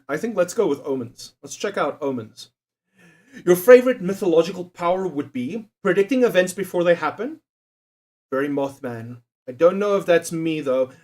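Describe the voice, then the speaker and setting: A man's voice: on the high side, darkish tone. A young man chatting casually on a livestream, swearing and joking as he reads out quiz options. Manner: profane, jokey, reads quiz options aloud.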